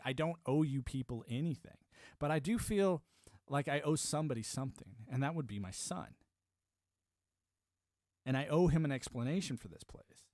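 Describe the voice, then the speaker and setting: A man's voice: medium pitch, a little mellow, no room sound, studio quality. A man from the United States streaming a casual, rambling monologue, emphatic and prone to repeating words as he restarts his thoughts.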